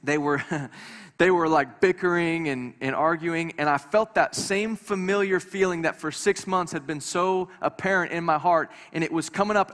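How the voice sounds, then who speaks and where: Chatty male pastor in a reverberant hall. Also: a little high. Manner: conversational, stumbles and repeats words, gently humorous. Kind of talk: sermon. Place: church hall before a congregation.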